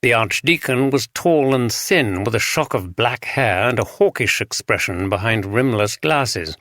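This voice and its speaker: This is scripted audiobook narration by a man with a mid-range voice, delivered in an even, measured storytelling manner. The recording is dry, with clean studio sound.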